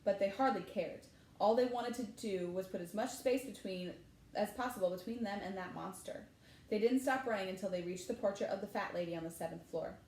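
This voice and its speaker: A woman teacher reading a children's novel aloud, animated and switching voices for the characters. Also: medium pitch, brisk. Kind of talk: storybook read-aloud. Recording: echoey room with faint ambience.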